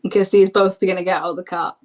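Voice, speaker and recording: A woman's voice: on the low side, steady tone, rapid-fire, darkish tone, low-quality recording. A woman narrating a tabletop game as game master, talking loosely with many fillers. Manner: loose, chatty, lots of fillers.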